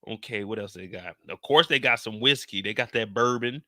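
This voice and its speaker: Male recap host, loose and cussing, jokes to the audience; forceful bright tone, dead-dry sound. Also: on the low side, a little fast, no room sound. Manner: profane, joking, addresses viewers directly. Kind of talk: casual episode recap commentary.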